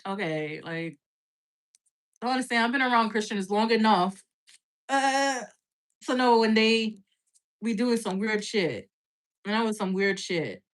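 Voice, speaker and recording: A woman giving a casual live-stream tarot reading, blunt and chatty, swearing freely and filling her talk with "like". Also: medium pitch. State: has the hiccups. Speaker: tarot reader.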